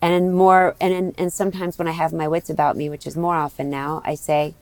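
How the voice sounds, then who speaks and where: A woman's voice: sits low, level tone, fast, hardly any pauses, darkish tone, no echo. A middle-aged woman from the United States, talking candidly as a guest in an interview, rambling with many restarts.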